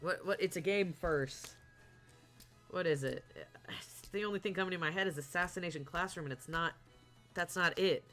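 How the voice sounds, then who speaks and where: A man's voice: sits high, moderate pace, bright, forceful tone, faint music behind. A man streaming a game, chatting in casual commentary asides. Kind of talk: let's-play commentary.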